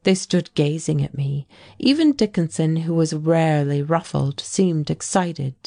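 A woman narrating a classic novel as an audiobook, in a measured, unhurried reading manner. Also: sits low, expressive, gravelly, warm tone, no room sound.

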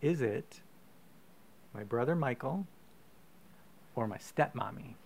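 A man co-hosting a podcast, reading a profane, comic choose-your-own-adventure story aloud with deadpan asides. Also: mid-range voice, slow pace, gravelly, husky. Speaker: podcast co-host.

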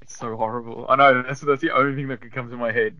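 A man's voice: medium pitch, fairly even intonation, quick pace, pushed and bright, dry recording, dull audio. A man appearing as a podcast guest, speaking in rambling, hesitant casual chat full of restarts.

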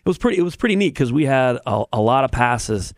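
A man's voice: mid-range voice, big pitch swings, fast talker, no room sound. A man hosting a radio show in a casual, rambling chatty way, with restarts. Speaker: radio host.

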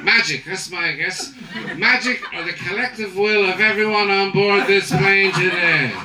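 A man's voice: high voice, normal speed, roomy sound, recorded from a distance, a crowd in the background, natural voice, poor audio. A man doing a boozy rambling airline pilot. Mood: boozy cheerful. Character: drunk cheerful male airline pilot.

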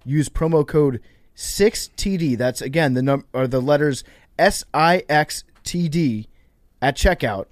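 A man co-hosting a podcast, reading an ad and then teasing a colleague in quick banter. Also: a little high, dry recording, studio quality. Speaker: podcast co-host. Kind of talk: casual chat and read ad.

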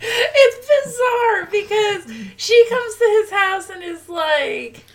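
A woman co-hosting a casual movie chat, sarcastic and quick to laugh. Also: extremely high pitch. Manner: animated, laughing, sarcastic asides. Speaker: podcast co-host.

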